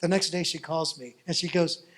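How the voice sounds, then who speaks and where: A male pastor telling a story in a sermon, animated and folksy. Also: fairly high pitch, a little fast.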